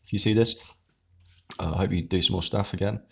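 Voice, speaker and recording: A man's voice: low voice, fairly even intonation, fairly quick, creaky, a bit bright, slight background noise. A man, hosting his own channel, chatting casually in a rambling way while eating with his mouth full. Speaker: YouTube channel host.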